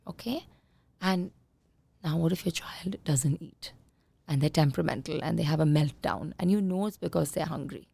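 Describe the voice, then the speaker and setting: A woman parenting coach being interviewed on a podcast, talking in a calm coaching tone and sometimes acting out what parents say. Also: on the low side, moderate pace, creaky, dry recording. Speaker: conscious parenting coach, guest.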